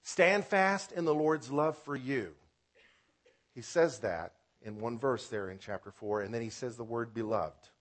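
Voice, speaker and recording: Animated male pastor preaching. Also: mid-range voice, unhurried. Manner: animated preaching, wide swings from loud to soft; playful wordplay and repetition. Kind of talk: sermon.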